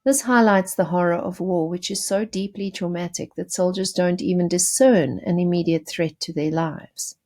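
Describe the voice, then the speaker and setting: A woman's voice: fairly low pitch, steady tone, moderate pace, few pauses, dark tone. A woman teacher giving a patient poetry lesson, explaining terms with small restarts.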